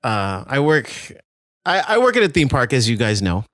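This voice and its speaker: A man's voice: mid-range voice, very animated, moderate pace, a bit bright, no room sound, studio quality. A man co-hosting a podcast, telling a story in casual chat with frequent stammering restarts. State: tired. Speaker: podcast co-host.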